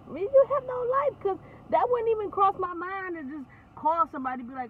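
A woman with a very high voice vents freely, swearing and laughing as she talks. She sounds like she is on a phone call, heard through a thin, phone-like line with a faint hiss behind her. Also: brisk, few pauses. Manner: profane, frequent laughter. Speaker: vlogger. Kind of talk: casual venting on a phone call.

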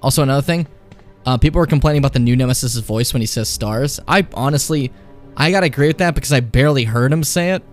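A man's voice: medium pitch, quick pace, faint music behind. A young man playing a horror game on stream, chatting casually, swearing a lot and taunting the enemy. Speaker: let's play streamer.

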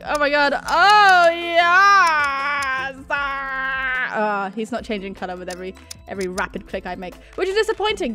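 A young woman giving casual, gushing commentary on a video game she plays, bubbly and often giggling. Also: on the high side. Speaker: let's play gamer.

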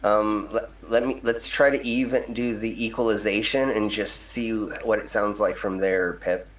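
Faint music and a roomy echo surround this stream host, a man whose lowish voice stays steady at a normal speed. He chats casually over a game, rambling and filling pauses with plenty of ums and uhs.

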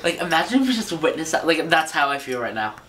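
A woman's voice: low voice, big pitch swings, fast talker, fairly bright tone, slight background noise. A young woman vlogging in casual chat, rambling with constant "like" and swearing while acting out scenes.

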